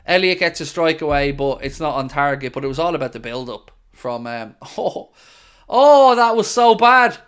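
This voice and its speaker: An Irish man hosting a live football watchalong, reacting excitedly and calling the play as it happens. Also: medium pitch, normal speed, few pauses, smooth. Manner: excitable, jumps into play-by-play shouts. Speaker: watchalong host. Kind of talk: live match reaction commentary.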